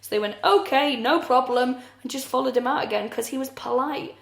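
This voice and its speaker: A woman's voice: fairly high pitch, steady tone, quick pace, creaky, reverberant. A woman co-hosting a comedy podcast, telling the story bluntly with swearing and laughter. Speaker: podcast co-host. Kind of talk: casual comedic chat.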